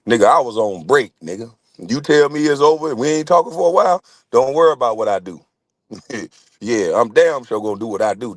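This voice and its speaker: A man's voice: medium pitch, no echo. A middle-aged man hosting his own channel, ranting to camera in a confrontational, constantly swearing monologue. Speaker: channel host.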